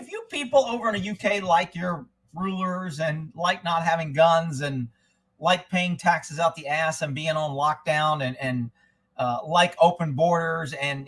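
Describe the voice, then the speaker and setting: A man's voice: a little high, a bit bright, low-quality recording. A man hosting a casual livestream and ranting in a folksy, profane, rambling way. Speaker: livestream host. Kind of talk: casual political rant.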